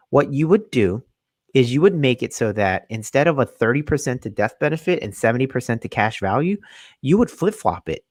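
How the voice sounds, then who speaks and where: A man walks viewers through a presentation in a lively, emphatic way, circling back over his points and repeating them. His voice sits in a middle pitch. The sound is dry and close, with no room echo. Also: normal speed. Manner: animated, emphatic, repeats himself. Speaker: finance video host. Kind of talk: casual explainer presentation.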